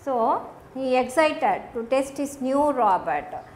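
A woman's voice: high voice, animated, takes it slowly, a little mellow, echoey room, a little hiss or hum. A woman teacher with an Indian English accent, explaining a story lesson to young children, repeating and rephrasing as she goes. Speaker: school teacher. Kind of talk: recorded classroom lesson.

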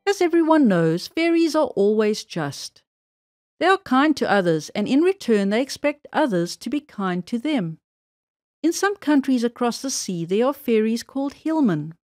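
A woman reading a fairy tale aloud for children in a gentle, measured storytelling way. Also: on the high side, sing-song, no echo, studio quality.

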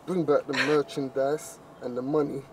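An actor playing a kidnapper who makes slow, low threats. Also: male voice, little pitch movement, a little hiss or hum, natural voice. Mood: threatening. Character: menacing male kidnapper on phone.

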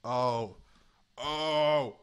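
A man's voice: medium pitch, drawn-out words, clear, resonant tone. A man streaming a chat game, commenting casually, laughing often and swearing freely, and sounding short on sleep.

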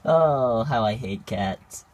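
A man in a casual daily vlog, narrating to a handheld phone camera, who switches to a high cooing voice when he talks to his pets. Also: a little mellow, breathy edge. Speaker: vlogger.

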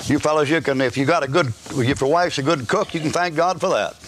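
A man's voice: fairly high pitch, fairly quick, a crowd in the background. A man preaching a live sermon at a church service, folksy and joking, rambling with restarts. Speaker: pastor.

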